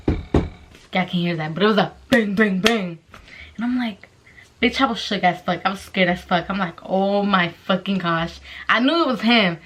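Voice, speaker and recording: A young woman tells a story in a casual vlog, her mid-range voice set against background noise. She swears constantly and acts out the voices of the people involved, keeping the storytelling profane and animated.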